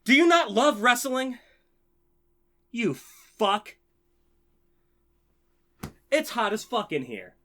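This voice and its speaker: A profane man rants on his channel with a bright, cutting edge to his voice. His pitch leaps around as he swings from dry sarcasm to shouting excitement. He sounds heated and fully invested. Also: takes it slowly, pauses often. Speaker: channel host. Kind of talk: impassioned ranting vlog.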